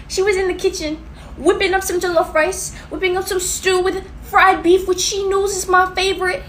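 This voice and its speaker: A woman chatting excitedly in a casual food vlog, gushing about a home-cooked meal. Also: extremely high pitch, moderate pace, slight background noise.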